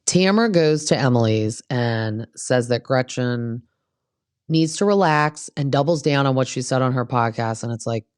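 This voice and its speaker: A woman's voice: extremely low pitch, lively intonation, normal speed, darkish tone, clear, resonant tone, no room sound, studio quality. A woman hosting a casual gossip recap of reality TV, blunt and opinionated, who swears freely.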